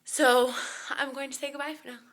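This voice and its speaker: A woman's voice: sits high, flat delivery, brisk, fairly bright tone, slight background noise. A young woman house-sitting, out of breath, chatting and cooing at pets while she films indoors on a handheld camera. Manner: bubbly, talking baby talk to pets. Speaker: vlogger. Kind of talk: casual home vlog.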